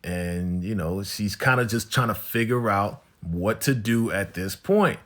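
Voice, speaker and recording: A man's voice: lowish voice, expressive, unhurried, a bit bright. Laid-back slangy man recapping a show. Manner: slangy, laid-back, tags lines with "right?" and "you know". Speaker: TV episode recapper. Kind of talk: casual episode recap.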